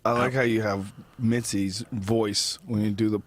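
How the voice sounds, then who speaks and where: A man's voice: fairly low pitch, a little slow. A middle-aged man hosting a podcast, talking casually with comedian friends. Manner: relaxed, swears casually. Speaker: podcast host. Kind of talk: casual chat.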